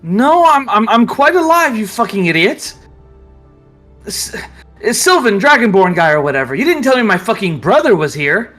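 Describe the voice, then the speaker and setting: A loud, mocking older sister, played by a game master. She rides high and bounces all over her pitch. She teases hard and swears freely, with faint music underneath. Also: big pitch swings, moderate pace. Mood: scolding. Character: brash, crude older sister, strong and teasing.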